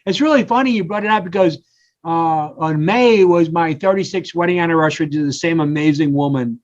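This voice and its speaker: Animated older man, dull recording. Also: a little high, fairly quick. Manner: animated storyteller, acts out quotes. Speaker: podcast guest, coach. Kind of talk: casual interview talk. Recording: slightly dull lo-fi audio.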